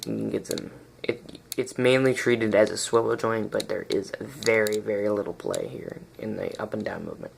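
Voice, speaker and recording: A man's voice: lowish voice, fairly even intonation, moderate pace, gravelly, a little hiss or hum. A man giving a casual, rambling toy review recorded on a phone, often stopping to search for the right word and restarting his sentences.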